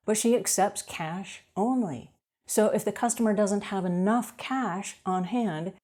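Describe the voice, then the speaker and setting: A middle-aged woman hosts an advice show and speaks straight to her viewers. Her voice sits at an ordinary pitch for a woman. She talks with emphasis, repeats her main points and tosses out rhetorical questions. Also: a little mellow. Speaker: host of a cleaning advice show. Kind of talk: direct-to-camera advice talk.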